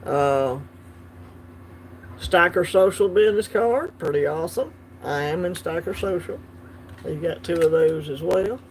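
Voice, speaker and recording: A man's voice: on the high side, a little slow, slight background noise. A man hosting a coin collecting channel, chatting casually and laughing easily while unboxing on a livestream.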